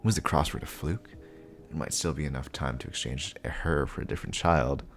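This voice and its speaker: A man's voice: extremely low pitch, fairly quick, soft background music, voice pushed down. A man voicing a stern male spy posing as a father, in clipped, earnest inner monologue. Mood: annoyed. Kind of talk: comic reading with voices.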